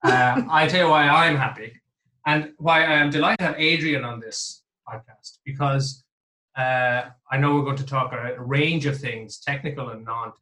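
Chatty, bright-voiced podcast host. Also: male voice, medium pitch, moderate pace. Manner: chatty, self-deprecating. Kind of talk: casual podcast chat.

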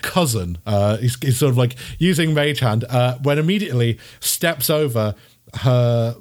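A man's voice: mid-range voice, unhurried, a little mellow. A man narrating as game master of a tabletop game, rambling with many restarts and laughing along.

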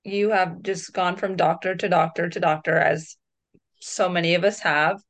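A woman's voice: fairly low pitch, fairly even intonation, normal speed. A woman co-hosting a podcast, supportively prompting her guest with short questions. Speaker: podcast co-host. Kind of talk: interview questions.

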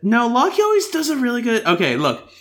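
A woman's voice: a little high, huge pitch swings, fast talker. A woman hosting a casual podcast, bantering and laughing at herself. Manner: giggly, self-deprecating banter. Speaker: podcast host.

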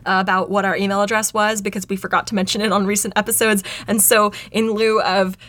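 A woman's voice: mid-range voice, flat delivery, a little fast, fairly bright tone, no echo. Playful woman podcast co-host, dry sound. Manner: playful, jokey, talks of voice acting work. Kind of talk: casual podcast chat.

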